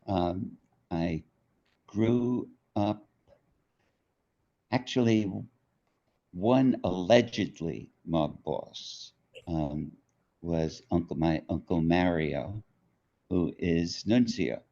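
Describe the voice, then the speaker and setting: Slow, deep-voiced older New man. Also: dark tone. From New York. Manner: unhurried storyteller, acts out quotes. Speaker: author being interviewed. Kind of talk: storytelling interview. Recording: dull lo-fi audio.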